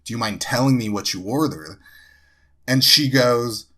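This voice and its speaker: A man's voice: medium pitch, measured pace, fairly bright tone. A young man from New Jersey, a podcast co-host, telling a story casually, with many fillers and restarts. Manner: rambling, full of fillers and restarts.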